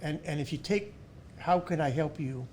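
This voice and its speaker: A man's voice: a little high, moderate pace, darkish tone, slight background noise. A man, a pharmacy owner and school board member, talking earnestly in a casual interview and often restarting his words.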